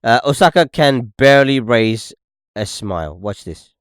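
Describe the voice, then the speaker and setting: A young man hosts a casual podcast and reacts to clips in a loose, profane rant. His voice sits at an ordinary middle pitch and sounds dry and close, with no room around it. He keeps telling the listener to look and keeps asking "okay?". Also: expressive, unhurried, clean tone, no echo. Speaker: podcast host. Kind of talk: casual commentary over video clips.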